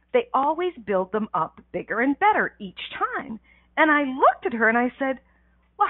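A woman's voice: fairly high pitch, dry recording. A woman hosting a call-in radio show as a life coach, talking with lots of energy, laughing often and using slangy, emphatic phrasing. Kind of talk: animated call-in radio talk. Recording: tinny phone line.

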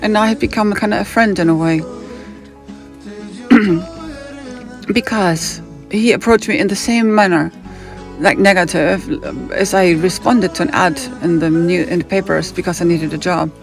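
A woman with a German accent and a gravelly, fry-laced voice tells a long, rambling story. She wanders off on tangents and keeps jumping into other people's voices to act out their lines. Faint music sits under her talk. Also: fairly low pitch, unhurried. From Hamburg, Germany.

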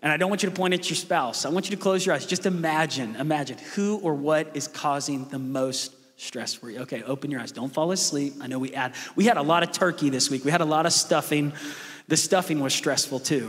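A middle-aged man preaching a sermon as a pastor, telling stories with quick asides and playful jokes. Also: on the high side, a bit bright, husky. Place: large church hall. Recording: long hall reverb.

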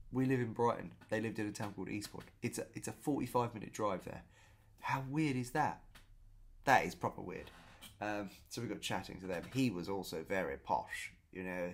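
A man telling a story in a casual vlog, chatty and animated, often repeating himself. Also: on the low side, gravelly. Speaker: vlogger.

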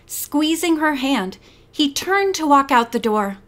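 A woman narrating an audiobook with an expressive reading, doing many voices. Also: high-pitched, measured pace. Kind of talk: scripted narration.

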